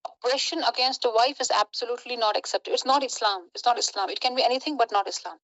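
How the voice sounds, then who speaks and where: Fast-talking young woman giving a religious talk. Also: on the high side, dry recording, lo-fi sound. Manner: earnest, animated storytelling. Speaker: Islamic lecturer. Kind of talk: religious talk mixing English and Hindi.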